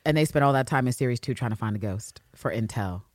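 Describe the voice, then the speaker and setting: A woman's voice: rumbling low, lively intonation, fast talker, darkish tone, no room sound, studio quality. A woman co-hosting a podcast, chatting casually and animatedly, acting out characters' lines with slang and swearing. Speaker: podcast co-host. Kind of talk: casual recap chat.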